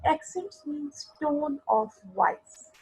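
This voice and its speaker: A woman teaching an English literature class online, explaining a poem slowly and mixing Urdu phrases into her English. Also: sits high, expressive, a little mellow, rough recording. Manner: explains slowly, mixes Urdu into English, asks students for replies.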